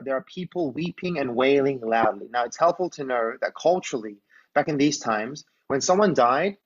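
A man's voice: mid-range voice, dull audio. A man preaching a conversational sermon. He tells a Bible story and often asks his listeners to imagine the scene.

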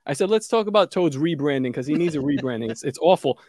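A man telling a story on a podcast, excitable and teasing, swearing freely. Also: a little high, fast talker, no echo, studio quality. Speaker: podcast co-host. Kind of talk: casual podcast banter.

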